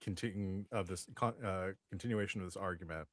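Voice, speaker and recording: A man's voice: sits low, brisk, no echo, studio quality. A man narrating a tabletop role-playing game as game master, rambling with many fillers and restarts.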